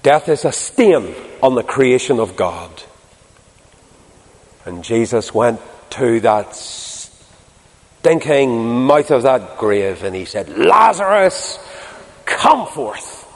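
A man preaching a sermon to a congregation, swinging between loud emphasis and hushed tenderness. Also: on the low side, lively intonation, takes it slowly. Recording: long hall reverb.

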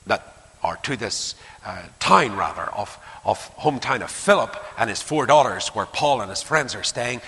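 A man preaching a sermon, animated, acting out quotes and dropping to hushed asides. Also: medium pitch, creaky, breathy edge. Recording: long hall reverb.

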